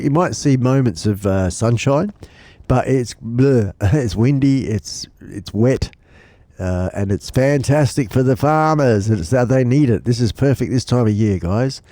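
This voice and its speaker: A middle-aged man with a mellow, mid-range voice hosts a casual live stream from his home studio, stuffed up and blocked with a cold. He rambles and jokes, restarting often. The recording is dry.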